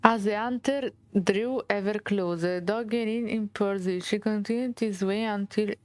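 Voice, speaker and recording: A woman with an Italian accent reading a game's fairy tale aloud as a streamer, halting and restarting, with Italian asides. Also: medium pitch, no room sound. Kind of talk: reading game text aloud.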